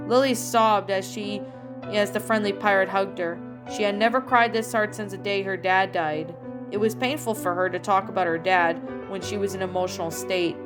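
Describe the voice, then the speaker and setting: A woman reading her own fan fiction aloud, steady with small self-corrections. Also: mid-range voice, moderate pace. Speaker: fan fiction author and reader. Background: faint music.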